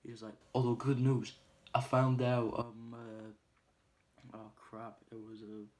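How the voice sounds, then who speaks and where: A man's voice: mid-range voice, completely flat delivery, slow pace. A man casually retelling a film plot, hesitating often with ums and uhs. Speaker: movie reviewer.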